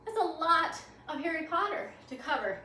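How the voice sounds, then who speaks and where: Playful woman yoga teacher calling out poses, kinda breathy from moving, echoey room, mic far off w/ faint background noise. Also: very high voice, lively intonation, normal speed, pushed and bright. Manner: upbeat, encouraging, playful. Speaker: yoga instructor. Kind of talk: guided yoga class cues. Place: library program room.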